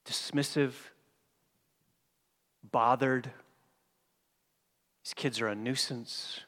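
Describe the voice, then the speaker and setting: Slow, emphatic preacher in a reverberant hall. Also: male voice, mid-range voice, fairly even intonation, a bit bright. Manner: emphatic, repeats key phrases, slows on words for stress. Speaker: pastor. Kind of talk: sermon.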